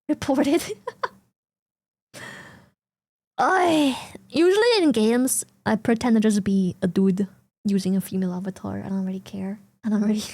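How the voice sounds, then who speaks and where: A woman's voice: fairly high pitch, a little mellow. A young woman streamer from Germany or the Netherlands, chatting casually with viewers, giggling often and swearing freely. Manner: giggly, swears freely, reads chat aloud.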